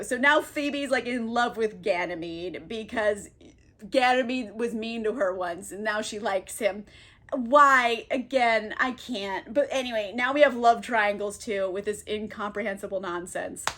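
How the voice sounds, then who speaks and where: A woman with a high, bright voice tells a story in a loose, chatty way. She rambles, sounds exasperated, and keeps breaking into laughter. She talks like someone who is high. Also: a little slow. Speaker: book reviewer. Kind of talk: casual comedic recap.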